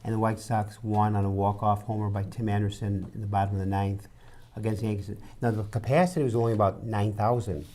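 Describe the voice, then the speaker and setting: A man's voice: lowish voice, level tone, quick pace, dark tone. A man co-hosting a radio talk show, chatting at length as he answers quiz questions. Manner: chatty, rambles about baseball. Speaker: radio co-host. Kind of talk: casual radio chat.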